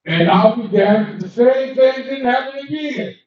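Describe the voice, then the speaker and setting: An older man delivers a loud, profane stand-up set, slipping into the voices of people in his stories. His voice sits high for a man. The live recording is muffled and heard from a distance in a very echoey room. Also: normal speed. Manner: brash and profane, acting out other people in the story. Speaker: stand-up comedian. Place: cigar lounge, live show.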